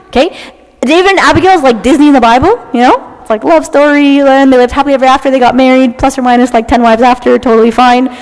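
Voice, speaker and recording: A young woman giving an animated, dramatic talk to a church audience, often tagging her lines with "okay?". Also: sits high. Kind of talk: lively talk to a live audience. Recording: long hall reverb.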